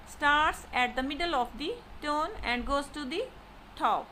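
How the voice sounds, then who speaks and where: A woman teaching a language lesson, giving careful instructions and repeating drawn-out model syllables for the learner. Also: sits high, animated, pushed and bright, slight background noise, poor audio. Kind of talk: slow recorded lesson.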